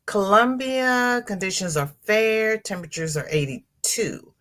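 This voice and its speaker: Slow, low-voiced woman hosting a livestream. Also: a bit bright. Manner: greets viewers by name and reads out chat comments. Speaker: livestream host. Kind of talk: casual livestream chat.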